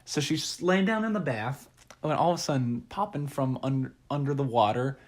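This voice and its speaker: A man on a comedy podcast, pitching a silly show idea in a rambling, stammering way. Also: normal speed. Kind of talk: improvised comedy podcast bit.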